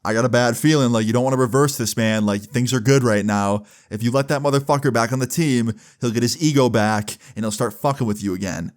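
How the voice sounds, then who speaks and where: A man's voice: mid-range voice, fairly quick, hardly any pauses, natural voice. A man doing his blunt teenage buddy. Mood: warning. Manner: profane, pleading. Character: blunt loyal teen boy friend.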